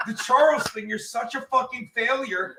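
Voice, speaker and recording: A man's voice: very high-pitched, normal speed, pushed and bright, echoey room. A man in casual chat, bluntly mock-insulting a prank caller.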